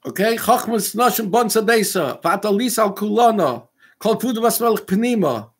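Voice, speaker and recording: A man hosting a radio talk show, speaking with fire, acting out dialogue in quick bursts and mixing in Hebrew and Yiddish words. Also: high-pitched, lively intonation, slightly rough. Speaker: radio host.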